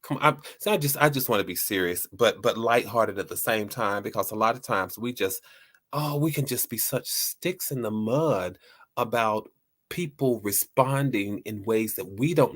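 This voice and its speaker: A man with a low-pitched voice hosts a relaxed, lighthearted talk aimed at his listeners. He rambles freely, with restarts and repeated words, and keeps a friendly, conversational tone. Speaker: host.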